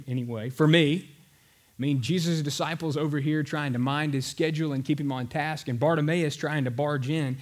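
A man preaching a sermon in a conversational, animated storytelling manner. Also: a little high. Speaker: pastor.

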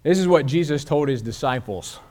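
A man preaching a sermon, telling a story and speeding up and slowing down as he goes. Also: a little high, expressive. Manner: storytelling with shifts of pace and loudness. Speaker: pastor.

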